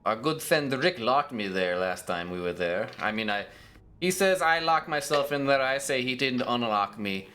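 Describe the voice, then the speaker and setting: A man's voice: medium pitch, animated, moderate pace, pushed and bright. A man plays a solemn Egyptian-accented treasure hunter in a tabletop game, spinning ominous tales with a dire, dramatic delivery. His voice rises and falls freely as he leans into the legend. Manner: dire, storytelling, theatrical. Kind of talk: tabletop role-play character voice.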